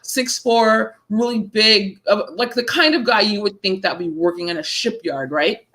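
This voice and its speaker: A woman's voice: mid-range voice, moderate pace, low-quality recording. Woman in her 30s chatting in an interview, storyteller, does everyone's voices, talks loose and casual. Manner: animated storyteller, acts out quoted voices. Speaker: horror author guest.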